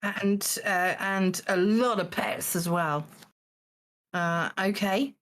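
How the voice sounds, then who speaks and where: A woman's voice: mid-range voice, slow, a bit bright. A woman hosting a charity live stream in casual chat, amused and laughing often. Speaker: stream host acting as the show's judge.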